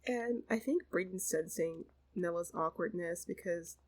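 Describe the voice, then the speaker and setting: A woman with a fairly low, slightly mellow and husky voice speaks at a measured pace over poor-quality audio. She hosts and casually narrates a life-simulation game story, chatting away with fillers like "kinda" and "you know."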